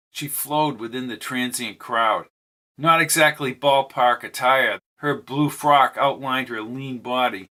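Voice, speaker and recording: A man giving a steady, descriptive audiobook narration. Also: medium pitch. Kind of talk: scripted narration.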